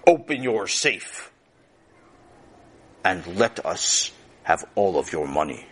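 A man doing a gruff, slow robber. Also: deep voice, sing-song, a bit bright, voice pushed down, heavily acted. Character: gruff masked male robber, blunt and slow.

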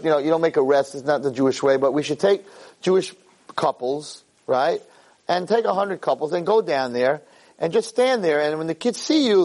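A man's voice: mid-range voice, rough recording. A man giving a Torah lecture as a rabbi, telling stories in an emphatic, rambling way. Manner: animated, emphatic, rambling storyteller.

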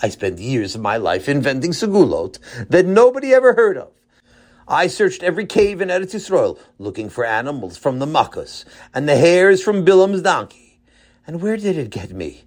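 A man voicing a bumbling adult man who thinks he is a great tzaddik, in a high, whiny, emotional voice. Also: wildly swooping pitch, moderate pace. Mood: sobbing.

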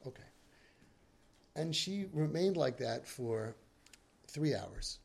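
A man's voice: a little high, lively intonation, slow, gravelly. A man, a parenting coach telling stories on a podcast and mixing Yiddish and Hebrew words into his talk.

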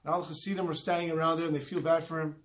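A man telling a religious folk tale in an animated, dramatic way. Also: a little high, very fast. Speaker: storyteller.

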